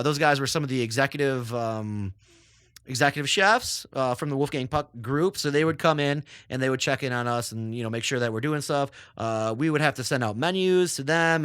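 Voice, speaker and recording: A man's voice: mid-range voice, bright, forceful tone, clean tone, dry recording, studio quality. A man, a chef guest, chatting casually in an interview and rambling with lots of filler words.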